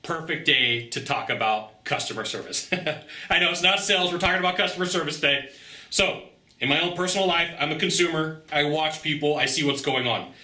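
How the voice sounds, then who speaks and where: A man, a sales trainer, telling a story in a casual vlog monologue, animated and emphatic, tagging his points with quick asides. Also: on the high side. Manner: conversational, tags points with "okay?" and "right?". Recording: roomy echo.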